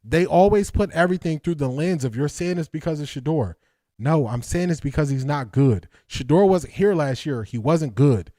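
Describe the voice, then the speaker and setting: A man's voice: a little high, normal speed, few pauses, dry recording, clean studio sound. Upbeat man hosting a football livestream. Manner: energetic, emphatic, repeats lines and laughs often. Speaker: livestream host breaking down football. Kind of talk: casual livestream commentary.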